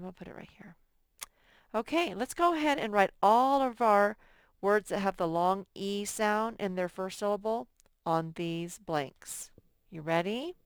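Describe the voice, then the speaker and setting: A woman's voice: mid-range voice, no room sound, studio quality. A woman teacher giving a recorded phonics lesson to young children, patient and thinking aloud as she works. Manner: slow, patient, thinks aloud while sorting words.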